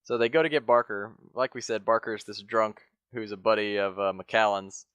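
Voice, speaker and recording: A man's voice: fairly low pitch, steady tone, moderate pace, fairly bright tone, clean tone, muffled recording. A man co-hosting a podcast in casual chat, rambling and swearing casually with many fillers. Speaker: podcast co-host.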